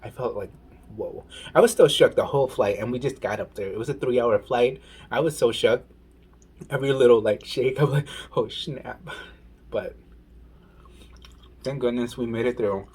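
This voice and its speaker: A man vlogging while eating, telling a story in a casual, animated way and saying "y'all". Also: medium pitch, moderate pace, pauses often, a little hiss or hum. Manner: animated, says "y'all" and "oh my goodness". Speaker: mukbang vlogger.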